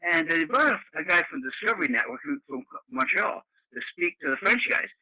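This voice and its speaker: A man's voice: high voice, sing-song, brisk, vocal fry, sharp tone, no echo, poor audio. An older man from Canada chatting bluntly on a radio net, laughing often and using lots of fillers. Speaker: radio club member. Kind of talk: casual radio chat. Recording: dry radio audio.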